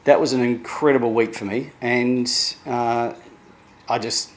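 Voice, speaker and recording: A middle-aged man from New Zealand talking candidly in a personal vlog, halting and emotional, with many restarts. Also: mid-range voice, fairly even intonation. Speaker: vlogger sharing therapy progress.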